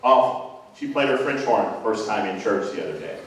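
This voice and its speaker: A middle-aged man speaks off the cuff as a band director, earnest and a little self-deprecating, his voice sitting a bit low. He is picked up from a distance in a large hall, so the sound is roomy and heavily echoed, with a faint hum of ambience underneath. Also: lively intonation, brisk. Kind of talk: unscripted speech to parents.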